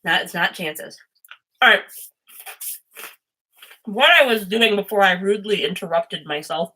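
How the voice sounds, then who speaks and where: A woman chatting loosely on a livestream while reading tarot, her voice bright and sharp-edged. She rambles from story to story, swears freely and drifts off on tangents at a mid-range pitch. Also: unhurried, slightly rough, poor audio. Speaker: host and tarot reader. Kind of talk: casual livestream chat.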